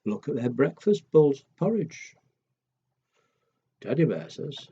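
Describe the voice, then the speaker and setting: Slow, lively storytelling man. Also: medium pitch, breathy edge, lo-fi sound. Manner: gentle, exaggerated storybook telling. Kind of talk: children's storytime reading.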